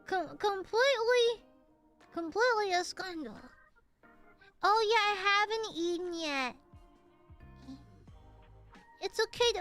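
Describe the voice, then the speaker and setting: A woman's voice: very high voice, lively intonation, takes it slowly, pauses often, a bit bright, faint music behind. A young woman streaming from home, chatting with viewers in a playful, teasing, affectionate way. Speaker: VTuber streamer. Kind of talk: casual live-stream chat with viewers.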